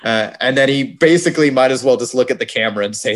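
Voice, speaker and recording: A man's voice: mid-range voice, fast talker, hardly any pauses. A man co-hosting a podcast, rambling and joking about a movie in casual chat, often correcting himself mid-sentence. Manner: rambling, jokey, self-correcting. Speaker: podcast co-host.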